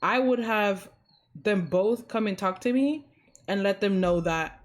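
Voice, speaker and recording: A woman in a mid-range voice plays a dispatcher interviewing a new recruit. She talks casually and chattily, using slang. Her tone is plain and even. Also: medium pitch, unhurried. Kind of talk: role-play interview.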